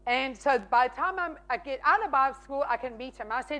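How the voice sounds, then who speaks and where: A woman telling a lively faith testimony as a talk show guest, acting out the dialogue in her story. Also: sits high, a little fast, few pauses. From South Africa. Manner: lively, acts out quoted dialogue.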